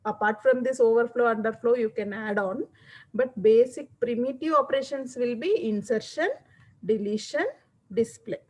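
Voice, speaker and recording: A woman's voice: fairly high pitch, moderate pace, rough recording. A woman giving a classroom lecture, explaining step by step and often checking that students follow.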